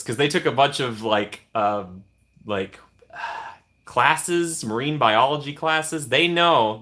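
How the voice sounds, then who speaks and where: Young man, bright tone, casual stream chat, teasing viewers, chatty. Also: medium pitch, takes it slowly. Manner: chatty, reacting to viewer comments with playful teasing.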